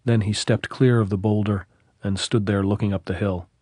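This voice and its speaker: A man narrating a novel as an audiobook, reading in a measured, steady way. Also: lowish voice, dry recording, clean studio sound.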